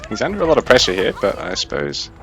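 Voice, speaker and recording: A young man giving casual, chatty game commentary, thinking aloud in a fairly even delivery. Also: on the low side, quick pace. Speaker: esports caster.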